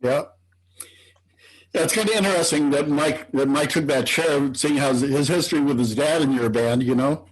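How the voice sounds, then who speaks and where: A man's voice: fairly high pitch, normal speed, breathy edge, poor audio. A man interviewing an older musician, mostly giving brief, encouraging remarks and short questions. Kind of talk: casual interview.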